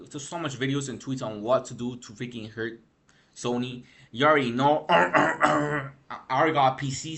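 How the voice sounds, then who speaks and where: A man's sharp, medium-pitched voice carries a rambling gaming-news vlog. Exhausted from lack of sleep, he rants casually in slang, leaning on "bro" and "freaking" again and again.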